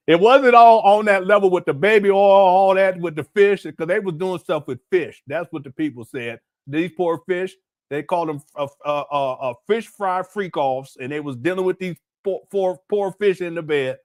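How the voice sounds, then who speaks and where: Middle-aged socal guy riffing on a video, mocking and incredulous, kinda high voice, dry close mic. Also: dry recording. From Southern California. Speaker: commentary channel host. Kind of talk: casual video commentary.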